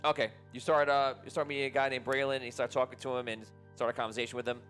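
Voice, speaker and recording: A man running a tabletop game as game master, chatty and quick to laugh. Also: medium pitch, level tone, fairly bright tone. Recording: very echoey hall, faint music.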